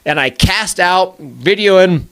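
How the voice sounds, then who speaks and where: A middle-aged man hosts a podcast and tells a long story in a relaxed, chatty way. His voice sits a little high, and he jumps up sharply in pitch when he acts out what people said. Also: slow pace, vocal fry, clear, resonant tone. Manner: animated, acts out quotes with big pitch jumps. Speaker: podcast host. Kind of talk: casual storytelling.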